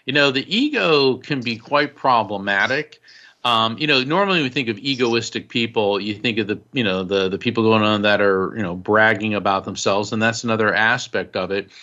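Animated, bright-voiced male author. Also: on the low side, normal speed, muffled recording. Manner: animated, fills with "you know", laughs while telling stories. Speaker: author and guest. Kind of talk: casual storytelling in conversation.

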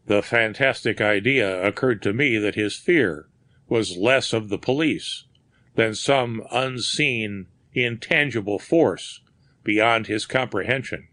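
Male audiobook narrator, slow and deliberate, bright tone, dry sound. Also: on the low side, no echo. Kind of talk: scripted narration.

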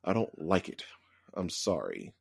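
A man's voice: low-pitched, very animated, unhurried, vocal fry, husky, no room sound, studio quality. A man co-hosting a podcast, chatting casually and ranting with strong opinions, full of fillers and restarts. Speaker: podcast co-host. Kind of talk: casual chat.

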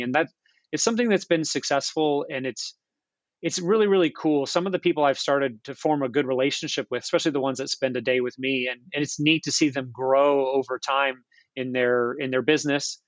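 A man's voice: medium pitch, no echo. Guy explaining stuff earnestly, lots of restarts, kinda dull dry audio. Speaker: ISP founder and CEO, guest. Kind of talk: casual podcast interview answers.

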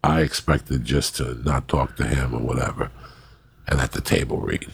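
A man's voice: very deep voice, fairly even intonation, normal speed. An older man chatting casually, telling loose, profane stories. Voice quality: gravelly, raspy. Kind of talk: casual chat.

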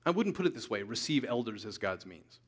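A man preaching a sermon as pastor, emphatic, repeating key lines slowly for weight. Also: medium pitch, very animated, slightly rough. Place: church sanctuary.

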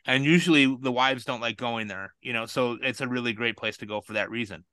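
A man's voice: medium pitch, fairly quick, sharp tone, smooth, no room sound. A man in his forties telling a rambling anecdote in casual podcast chat. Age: 40s. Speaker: podcast storyteller.

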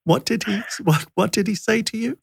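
Gravelly-voiced man hosting a podcast. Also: sits high, normal speed, a bit bright, no echo. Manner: laughs often while telling stories. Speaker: podcast host. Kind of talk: casual chat with ad read.

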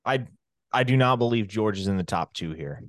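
A man's voice: fairly low pitch, animated, a little fast, dry recording, clean studio sound. A man who reports on recruiting, co-hosting a sports podcast in a confident, matter-of-fact way. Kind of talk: casual sports chat.

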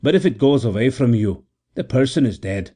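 A man's voice: mid-range voice, lively intonation, a little fast, warm tone, close to an everyday voice. A man reading the part of a good-natured innkeeper who exclaims and scolds in a raised voice. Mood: curious. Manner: exclaiming, chiding, curious.

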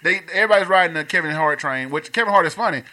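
A man hosting a casual chat show and taking callers, slangy and quick to laugh. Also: a little high, bright, forceful tone.

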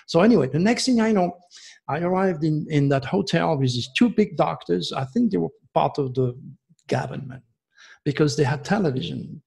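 A man telling a personal story in a rambling, excitable way, with many restarts. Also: fairly high pitch, moderate pace, vocal fry, husky. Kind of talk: casual storytelling.

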